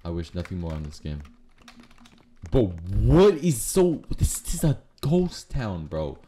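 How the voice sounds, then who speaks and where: A man giving live gameplay commentary, trash-talking and swearing, swinging between low muttering and sudden shouts. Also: very animated, measured pace. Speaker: gaming YouTuber. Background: faint keyboard clicks and typing.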